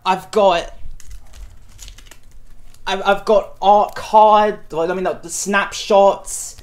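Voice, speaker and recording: A streamer reacting live, overwhelmed and close to tears, stammering and repeating words, swearing excitedly. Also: mid-range voice, slow.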